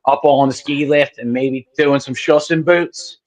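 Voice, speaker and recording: A man in a rock band with a Delaware County, Pennsylvania accent, chatting casually, excitable and swearing, saying dude a lot. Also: mid-range voice, a little slow. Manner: profane, excitable, says dude. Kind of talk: casual chat.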